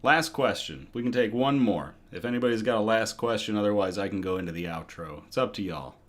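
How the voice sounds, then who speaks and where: A man's voice: fairly low pitch, animated, a little fast. A man hosting a casual livestream chat, reading viewer comments aloud and laughing often. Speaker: host.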